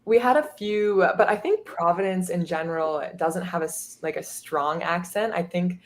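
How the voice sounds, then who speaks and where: A woman's voice: lowish voice, moderate pace, a little hiss or hum. A young woman, a college soccer player, talking casually as a guest, laughing often and using lots of fillers. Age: young adult. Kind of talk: casual interview chat.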